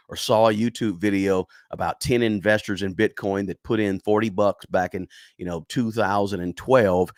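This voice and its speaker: A man with a fairly low voice talks through a relaxed livestream, chatting to viewers and often tagging his points with a quick "right?". The sound is dry and close, with almost no room tone. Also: no echo. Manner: conversational, tags lines with "right?", many restarts. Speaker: finance channel host. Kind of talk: casual livestream talk reading chat.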